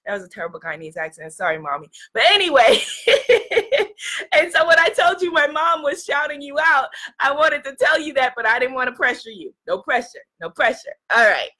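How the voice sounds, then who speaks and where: Woman doing a live sermon at home, slightly high voice, chatty, laughs a lot, slows down for prayer. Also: lively intonation. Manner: chatty, greets viewers by name, laughs often; slows into soft guided prayer. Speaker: spiritual coach hosting a live stream. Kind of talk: live-streamed self-love sermon with prayer. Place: at home, seated in a blanket. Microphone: webcam or phone, seated at home.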